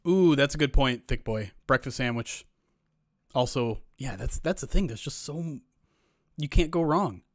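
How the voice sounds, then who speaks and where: A man's voice: mid-range voice, expressive, normal speed, no room sound, clean studio sound. Chatty man rambling on a stream. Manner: rambling and chatty, often restarting sentences. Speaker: streamer host. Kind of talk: casual live-stream chat reading viewer comments.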